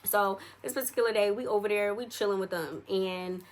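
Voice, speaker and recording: A woman's voice: medium pitch, a little fast. Chatty young woman telling a story. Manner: chatty, addresses viewers directly, slangy. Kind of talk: casual storytime monologue.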